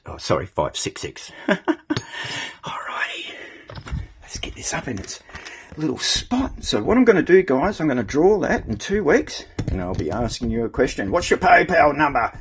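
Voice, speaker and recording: A man's voice: mid-range voice, husky. A middle-aged Australian man chatting casually to viewers on his channel, rambling and calling them "mate". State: short of breath. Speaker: channel host. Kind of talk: casual live-stream chat.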